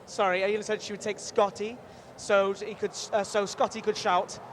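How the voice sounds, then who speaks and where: High-voiced, energetic male livestream host. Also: normal speed. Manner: energetic, chatty, rambling with restarts. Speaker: livestream host at a game convention booth. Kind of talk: upbeat live event hosting. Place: busy convention show floor. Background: faint crowd noise.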